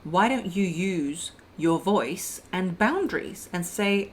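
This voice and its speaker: A woman's voice: fairly low pitch, lively intonation, slow, slight background noise. A woman relationship coach giving frank, casual advice straight to camera. She talks to the listener like a friend, calling her girl and babe, and acts out quoted voices mid-sentence.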